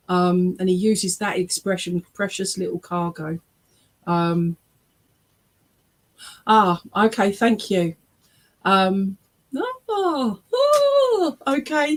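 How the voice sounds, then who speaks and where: A woman working as a spiritualist medium, giving an online reading over a video call in a chatty, emotional way that often breaks into laughter and tearful exclamations. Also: lowish voice. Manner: chatty, checks in often with "okay?" and "all right?".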